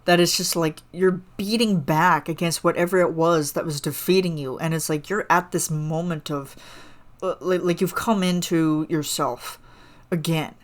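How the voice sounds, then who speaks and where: A woman's voice: low voice, steady tone, moderate pace. A woman hosting a solo podcast, gushing about a song in a rambling, casual way full of fillers. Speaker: podcast host reacting to a song.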